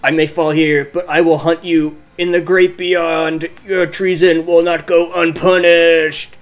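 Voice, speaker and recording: A woman voicing a defiant male villain who is dying, speaking slowly and menacingly. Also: on the low side, level tone, close to an everyday voice. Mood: vengeful.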